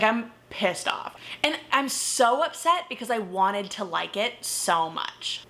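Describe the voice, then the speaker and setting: A young woman vlogger giving casual, animated book reviews, often exasperated, laughing and swearing. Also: mid-range voice, vocal fry.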